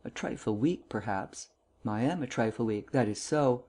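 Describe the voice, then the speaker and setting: The narrator gives a young gentleman who talks politely and muses about himself with mild, wry self-deprecation. The tone is mellow and soft-edged and sits near the reader's own voice. It is an understated storybook voice. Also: mid-range voice, moderate pace, lightly acted. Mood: musing.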